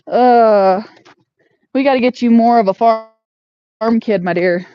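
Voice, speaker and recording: A woman's voice: on the high side, slow pace, dark tone. A woman hosting a casual homestead livestream while grooming her horse, rambling and baby-talking to her pony in a barn arena. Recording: dull lo-fi sound.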